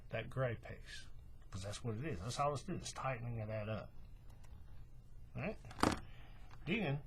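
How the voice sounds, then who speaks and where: A man with a mid-range, slightly breathy voice teaches how to make paracord bracelets in a casual, chatty demonstration. He keeps checking in with "right?" and "okay," restarting and correcting himself as he goes.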